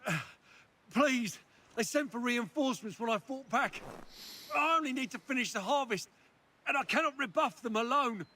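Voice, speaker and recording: Pleading farmer for a game, very high, tense, bright voice. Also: male voice, lively intonation, moderate pace, a little hiss or hum, full character voice. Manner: pleading, urgent. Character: desperate colonial farmer man, pleading.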